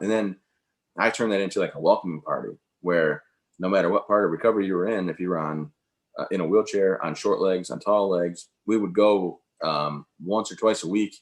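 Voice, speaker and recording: A man in his thirties, an interview guest talking in an upbeat, rambling way with many fillers. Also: deep voice. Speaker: interview guest, veteran speaker. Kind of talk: casual conversational interview.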